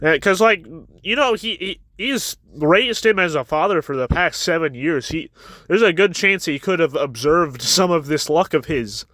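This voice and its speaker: A man's voice: a little high, animated, bright, forceful tone, dry recording. A man casually recapping and reviewing a manga chapter, rambling a bit as he retells scenes. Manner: rambling, retells scenes with quick quoted voices.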